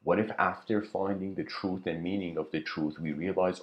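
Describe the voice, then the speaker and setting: A man giving a reflective, casual spoken lecture, musing aloud with loose asides and frequent throat clearing. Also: low-pitched, fairly even intonation, moderate pace, muffled recording.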